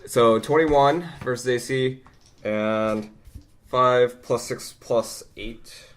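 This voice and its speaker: A man's voice: mid-range voice, very slow. A man playing a tabletop game, laid back and joking as he calls his moves. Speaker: player. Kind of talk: casual tabletop game play.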